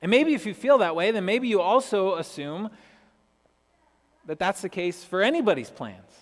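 A man's voice: high-pitched, expressive, normal speed. A man preaching a conversational sermon, often asking his listeners questions. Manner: chatty, asks listeners questions. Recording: long hall reverb.

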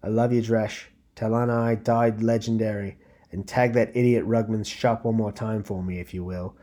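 A man's voice: lowish voice, steady tone, moderate pace, dark tone, natural voice. A man voicing a tough, defiant young woman gang leader who talks in coarse slang, curt and grim. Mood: tender.

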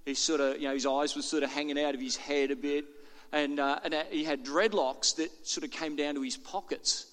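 A man's voice: a little high, fairly even intonation, brisk, a bit bright, big-room sound. An older man preaching a sermon to his congregation in a chatty, self-deprecating way. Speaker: pastor. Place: church auditorium.

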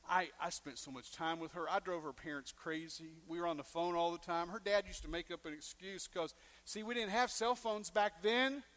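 A man preaching a sermon, telling a personal story and acting out the quoted lines with big swings in loudness. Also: sits high, normal speed, few pauses. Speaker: pastor.

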